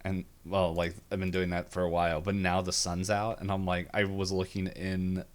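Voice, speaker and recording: A man's voice: low voice, flat delivery, moderate pace. A man co-hosting a casual podcast, recapping a cartoon episode, laughing often and acting out characters' lines in silly voices. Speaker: podcast co-host. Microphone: video call or webcam setup.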